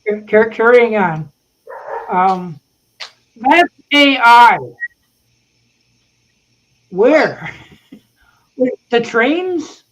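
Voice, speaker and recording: Slow-talking man. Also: very high voice, expressive, a bit bright, slight background noise, poor audio. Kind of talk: casual chat.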